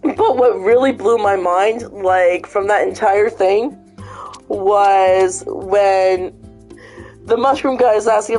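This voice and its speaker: A woman hosting a casual vlog, cursing freely as she tells an animated story. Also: medium pitch, takes it slowly, soft background music. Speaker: vlog host. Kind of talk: casual chat and retelling.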